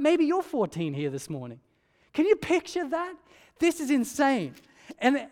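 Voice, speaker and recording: A man preaching a sermon in a conversational way, often asking rhetorical questions. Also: very high voice. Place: church hall. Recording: long church-hall reverb.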